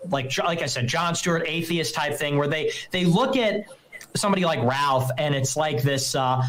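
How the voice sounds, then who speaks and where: Man, livestream host, higher voice, casual emphatic rant, mocking asides. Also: normal speed, a bit bright, low-quality recording. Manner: emphatic, mocks others in put-on voices.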